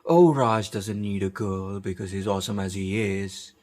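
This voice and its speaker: A man's voice: on the low side, normal speed, darkish tone. A man from India hosting a commentary show, talking in an emphatic, conversational way and asking rhetorical questions. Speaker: host.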